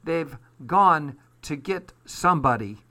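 Storybook kids, scared and tearful, pitched up by a male reader, slow and bright. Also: animated, exaggerated voice. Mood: upset. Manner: tearful pleading. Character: frightened crying young children.

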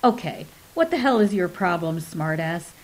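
A woman's voice: on the low side, animated, normal speed, natural voice. A woman voicing a bullying tough-guy father. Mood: belligerent. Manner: blustering and crude, later sobbing in pain. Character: tough, aggressive middle-aged man, the father.

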